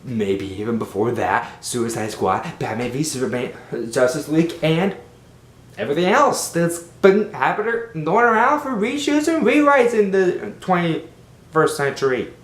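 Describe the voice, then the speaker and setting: A man giving a casual, rambling film review, animated and exasperated. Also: unhurried. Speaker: movie reviewer. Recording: roomy with faint rumble.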